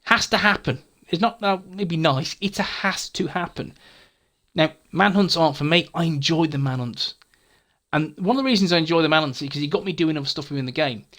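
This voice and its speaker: A man's voice: fairly high pitch, brisk, fairly bright tone. A man hosting a gaming channel, casually answering viewer comments in a frank, chatty way, often stumbling and repeating words.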